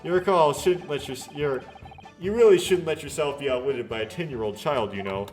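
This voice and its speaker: A man's voice: fairly high pitch, brisk, darkish tone, soft background music, natural voice. A man reading aloud as a clever, mischievous ten-year-old girl in a game, with restarts and slips. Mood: smug. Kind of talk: game dialogue read-aloud.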